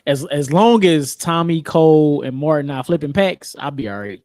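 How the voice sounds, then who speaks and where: Slightly high-voiced, dry male podcast co-host. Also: lively intonation, normal speed, a little mellow, no room sound. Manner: easygoing, laid-back slang talk. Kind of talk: casual pop-culture chat.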